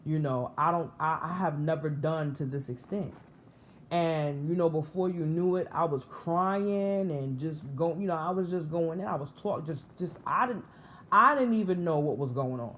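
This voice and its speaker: A woman's voice: low voice, slight background noise. A woman in her thirties telling her spiritual awakening story in a vlog, earnest and emotional, often restarting and repeating herself. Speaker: vlogger sharing a spiritual testimony. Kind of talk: personal storytelling to camera.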